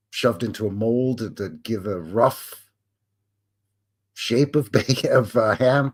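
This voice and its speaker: A man's voice: on the low side, fairly bright tone. A middle-aged man, hosting a live stream and reading viewer questions in a chatty, jokey, rambling way. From Canada. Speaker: host.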